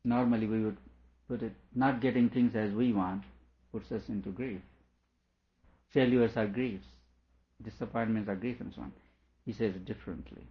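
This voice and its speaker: A man's voice: lowish voice, fairly even intonation, moderate pace, pauses often, highs cut off. A man reading a philosophical text aloud and explaining it line by line, with a chuckle now and then. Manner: reads a passage aloud, then comments on it with small laughs. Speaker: teacher.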